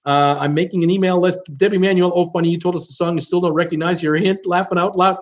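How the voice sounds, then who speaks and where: Male trivia host, higher-pitched, rattles through viewer guesses with lots of fillers; muffled lo-fi sound. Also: fairly even intonation. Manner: reads viewer guesses and answers, quick yes-or-no calls with many fillers. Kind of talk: live-stream trivia hosting.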